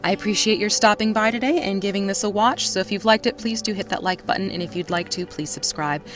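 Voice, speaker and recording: A woman's voice: medium pitch, fast talker, soft background music. A woman hosting a crafting video, chatting casually and poking fun at herself for rambling. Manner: chatty and self-mocking, hums and rambles. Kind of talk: casual chat.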